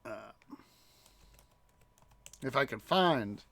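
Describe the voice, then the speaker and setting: A man's voice: mid-range voice, expressive, very slow, creaky, a bit bright. A young man hosting a gaming channel, chatting casually while he plays, rambling and hesitant with lots of fillers. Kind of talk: casual gameplay commentary.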